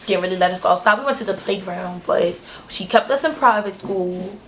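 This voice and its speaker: A young woman vlogger telling a story in a blunt, frank way, full of slang and swearing. She talks at an ordinary middle pitch and acts out the people in the story with lively voices. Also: brisk, a little hiss or hum. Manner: animated, acting out the other people in the story. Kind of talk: storytime vlog.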